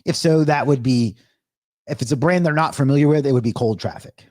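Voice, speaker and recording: A man's voice: medium pitch, fairly quick, darkish tone, dry recording, studio quality. A man hosting a livestream, reading viewer comments aloud and thanking people by name in an upbeat, friendly way, a little out of breath. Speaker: livestream host answering chat.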